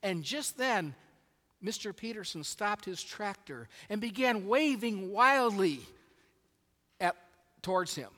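Brief: expressive preacher mid-sermon in a large hall, high voice, long reverb tail. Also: male voice, slow pace, long pauses. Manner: animated storytelling with shifting volume. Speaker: pastor.

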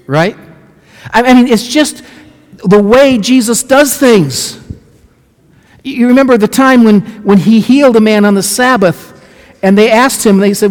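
A man's voice: sits high, normal speed. A male pastor delivering a sermon, asking the congregation questions and telling stories with quoted lines. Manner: asks the congregation questions, lively storytelling with acted quotes. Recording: long hall reverb.

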